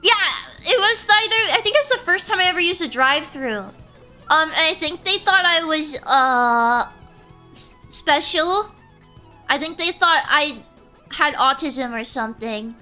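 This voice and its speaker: A young woman streamer with a squeaky voice, chatting casually and telling a rambling story, giggling and correcting herself often. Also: expressive, measured pace, pushed and bright, soft background music.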